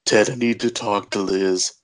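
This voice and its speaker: A man's voice: fairly low pitch, steady tone, normal speed, close to an everyday voice. A man doing a curt, irritated husband with a heavy accent. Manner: curt, clipped demands.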